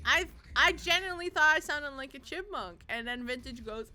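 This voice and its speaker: A young woman streaming a game, chatting casually and goofing around with squeaky sung bits and silly voices into a desk mic. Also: lively intonation, normal speed, hardly any pauses, background noise. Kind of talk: casual livestream chat while gaming.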